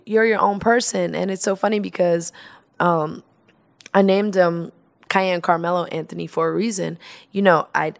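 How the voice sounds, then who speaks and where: A woman's voice: lowish voice, vocal fry. A woman guest in casual interview chat, telling stories with laughter and acting out quoted lines. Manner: animated, laughing storyteller who acts out quotes.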